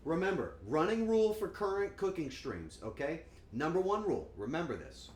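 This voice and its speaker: Guy streaming while cooking at home, lively jokey voice swinging up and down, echoey room. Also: a little high, moderate pace, a little hiss or hum. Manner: playful, joking with chat, animated outbursts. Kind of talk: casual cooking stream chat. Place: home kitchen. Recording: echoey room, faint ambience.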